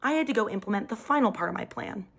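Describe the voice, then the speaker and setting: Fast-talking and full of vocal fry, a young woman recounts something personal in a laid-back storytime over a phone mic. She keeps it lively, and her pitch jumps whenever she quotes someone.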